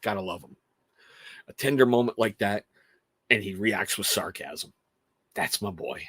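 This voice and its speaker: A man in his thirties hosting a casual show, telling family stories in an animated way and laughing often. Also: on the low side, a little slow, breathy edge, no echo. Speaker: podcast host talking to chat. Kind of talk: casual chat.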